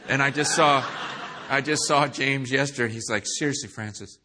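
A middle-aged man preaching a sermon, telling a story with acted-out quotes that swing from hushed to shouting. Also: mid-range voice, normal speed, noisy background. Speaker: pastor.

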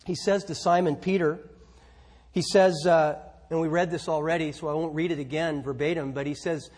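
A man preaching a sermon, emphatic, with rhetorical questions and swings between loud and soft delivery. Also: fairly high pitch, fairly even intonation, moderate pace.

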